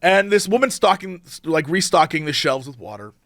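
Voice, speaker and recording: Speaking at normal speed with a fairly high pitch, the man co-hosts a podcast and laughs his way through animated stories in easygoing conversation. There's no room sound, just clean studio audio.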